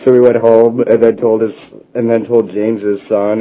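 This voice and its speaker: A man rambles through a comic retelling, piling one "and then" on the next. His pitch sits in an ordinary middle range. The recording is dull and lo-fi. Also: fairly even intonation, moderate pace. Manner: run-on "and then" storytelling.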